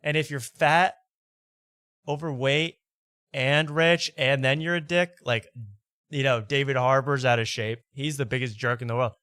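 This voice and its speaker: A man's voice: medium pitch, fairly even intonation, a little slow, pushed and bright, clear, resonant tone, no room sound. Man, late-night comedy host, rambling jokey rants, dry close sound. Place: studio.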